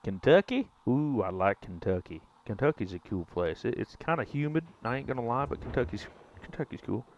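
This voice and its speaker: A man's voice: medium pitch, big pitch swings, fairly quick, darkish tone, a little hiss or hum. A man, casually joking and teasing his chat during a live game stream. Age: 20s. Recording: dull lo-fi stream mic.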